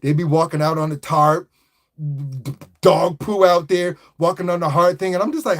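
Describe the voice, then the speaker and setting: A man hosting a livestream, chatting casually in a rambling, slangy, animated way and greeting viewers. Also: high voice, normal speed. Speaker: livestream host. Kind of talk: casual live chat.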